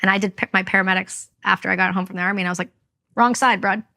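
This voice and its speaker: A woman's voice: medium pitch, completely flat delivery, rapid-fire, creaky, sharp tone. A woman from Canada, a veteran and guest, telling a personal story in an interview, candid and blunt.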